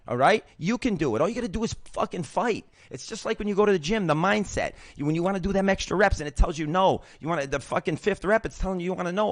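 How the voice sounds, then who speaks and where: A man's voice: lowish voice, no echo. A man in his sixties hosting his own show, sharing a recovery story in an emphatic, pep-talk way, swearing often and restarting sentences. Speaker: host. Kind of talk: personal recovery testimony.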